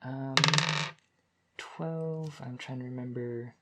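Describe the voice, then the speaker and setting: A man's voice: medium pitch, steady tone, slow pace, heavy background noise. A man narrating scenes as game master of a tabletop game, with frequent ums and uhs.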